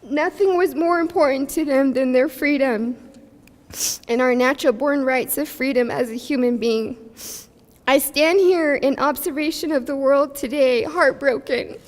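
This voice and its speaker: A young woman speaking at a press conference as a community advocate, emotional and halting, pausing with nervous laughs and fillers. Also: high-pitched. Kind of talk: emotional public speech. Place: press conference in a large hall. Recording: long hall reverb.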